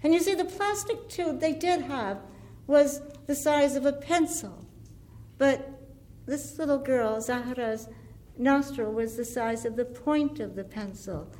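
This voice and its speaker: Woman, antiwar speaker, higher register, impassioned but measured public-speech delivery. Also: a little mellow. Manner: earnest, deliberate, building through lists.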